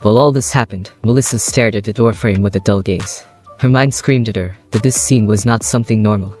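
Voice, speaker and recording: A man narrating a fan fiction story in a steady, even read-aloud manner. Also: fairly low pitch.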